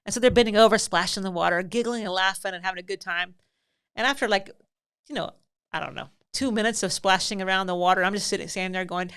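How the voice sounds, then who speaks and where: A woman's voice: medium pitch, quick pace, fairly bright tone, smooth. A middle-aged woman hosting a podcast, telling a family story in a chatty, rambling way with many fillers. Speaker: podcast host. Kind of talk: casual storytelling.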